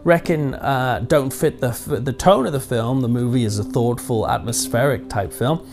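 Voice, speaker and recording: A middle-aged man reviews a film in a relaxed, rambling way, often pausing on ums and restarting his sentences. His voice sits at an ordinary middle pitch, and quiet music plays faintly behind him. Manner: chatty and digressive, with ums and restarts.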